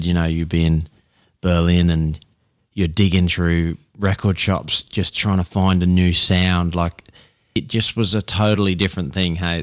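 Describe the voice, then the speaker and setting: A podcast host, a man with a very deep voice, chatting casually with his guest. He is upbeat and chimes in often. The sound is close and dry. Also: dry recording. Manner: enthusiastic, lots of short agreements. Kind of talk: casual interview chat.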